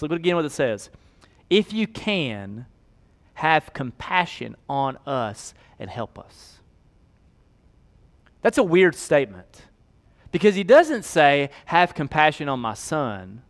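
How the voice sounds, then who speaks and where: Impassioned pastor preaching a sermon. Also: male voice, on the high side, big pitch swings. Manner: swings from hushed to loud and fast, pleading.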